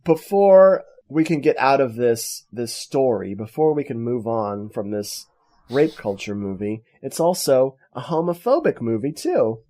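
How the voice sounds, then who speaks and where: A man co-hosting a podcast in casual talk, telling a movie plot in an animated, jokey way and acting out the quotes. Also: medium pitch, measured pace. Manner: animated, jokey storyteller who acts out quotes. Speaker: podcast co-host. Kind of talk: casual movie review chat.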